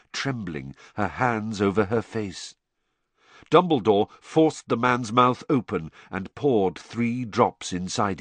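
A man narrating a novel in measured, expressive storytelling. His voice is low but moves a lot in pitch. The sound is dry and close, with no room echo. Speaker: audiobook narrator. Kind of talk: scripted narration.

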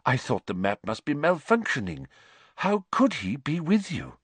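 A man's voice: fairly high pitch, huge pitch swings, normal speed, a bit bright, breathy edge, dry recording, pitched above the performer's own voice, exaggerated voice. A man lifting his voice as an urgent, earnest teacher.

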